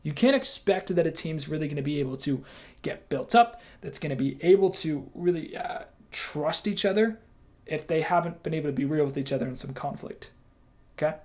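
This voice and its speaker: A man's voice: a little high, animated, darkish tone. Casual emphatic man giving a training talk. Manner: casual and emphatic, acting out quick quoted lines.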